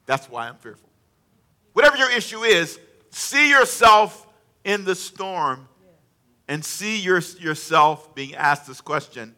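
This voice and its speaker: A man preaching a sermon with a high, very bright and forceful voice. He works the congregation with call-and-response questions and acts out dialogue, swinging between near-whispers and loud bursts. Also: animated, slow pace. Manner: acts out dialogue with varied volume.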